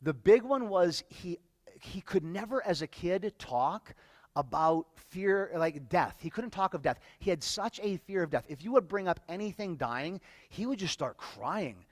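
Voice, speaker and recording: Male workshop speaker with a slightly high voice, telling a personal story to a room in a halting, emotional way. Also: animated, no echo. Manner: emotional, halting, repeats words. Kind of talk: personal storytelling to a live audience.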